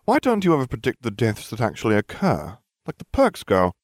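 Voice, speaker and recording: A man's voice: mid-range voice, wildly swooping pitch, fairly quick, no room sound, studio quality, voice pushed up. Harry Potter: a man doing a smug scheming boy wizard. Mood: condescending. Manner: sardonic, condescending.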